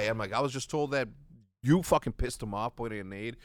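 A man's voice: on the low side, fast talker, no echo, clean studio sound. A man on a podcast, a former pro gamer, telling a story with lots of swearing and acted-out quotes in casual chat. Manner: profane, animated retelling with acted quotes.

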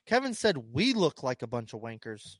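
A man co-hosting a podcast in casual chat, telling stories in a rambling, profane, animated way. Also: mid-range voice, moderate pace, crowd noise. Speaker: podcast co-host.

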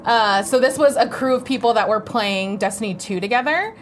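A woman's voice: on the high side, brisk, slight background noise. A woman co-hosting a morning chat show, reading out viewer messages in an upbeat, chatty way. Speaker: co-host. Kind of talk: casual chat.

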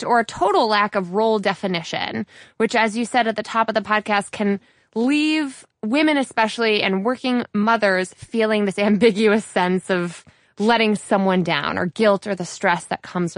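A woman hosting a podcast interview, talking with animated energy and laughing often. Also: medium pitch, normal speed, no room sound, clean studio sound. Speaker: podcast host.

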